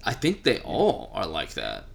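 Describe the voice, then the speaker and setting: A man's voice: sits low, huge pitch swings, measured pace, vocal fry. A young man from Texas with a Texan accent, co-hosting a casual chat and giving joking, opinionated takes with plenty of fillers. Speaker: podcast co-host.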